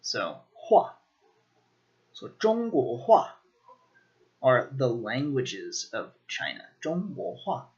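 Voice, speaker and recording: A man teaching a casual video lesson takes his time, speaking slowly and filling pauses with ums and restarts. His voice sits at an average pitch, and the recording sounds a little dull and lo-fi. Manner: relaxed, lots of ums and restarts. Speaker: language teacher.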